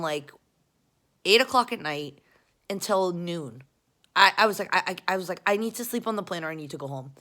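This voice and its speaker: A woman's voice: mid-range voice, sharp tone. A young woman, rambling casually and profanely to her viewers in a self-mocking way. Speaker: vlogger.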